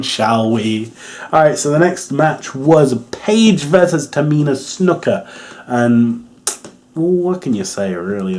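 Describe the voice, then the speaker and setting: Young English guy, mid-pitched, casual rambling reviewer who laughs and swears a lot. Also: darkish tone. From England. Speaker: wrestling reviewer.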